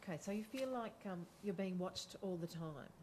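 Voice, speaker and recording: A woman playing a supportive friend in a role-play, speaking gently and patiently to reassure him. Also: on the low side, expressive, normal speed, slight background noise, lightly acted. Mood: calm. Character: calm supportive friend talking someone down.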